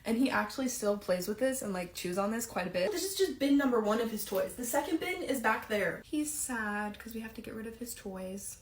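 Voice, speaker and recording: A woman's voice: fairly high pitch, fairly quick, few pauses, roomy sound. A young woman telling a story about her dog in a casual, chatty vlog, with lots of fillers and an exasperated edge. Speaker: dog owner vlogger.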